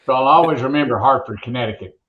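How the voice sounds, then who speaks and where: An older man tells rambling, folksy stories with plenty of restarts. His voice sits at an ordinary pitch and arrives through a roomy, echoey space. The sound is dull and muffled, as on a remote call. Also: fast talker. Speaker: veteran monster truck announcer, guest. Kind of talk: casual interview storytelling.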